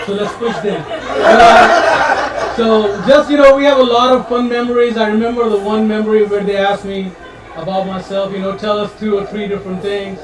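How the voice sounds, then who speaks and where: High-voiced man speaking in an echoey hall. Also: fairly even intonation, very noisy. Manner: halting, full of restarts, joking and emotional. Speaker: guest speaker. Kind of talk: heartfelt party speech. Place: party room. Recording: roomy hall, mic at a distance.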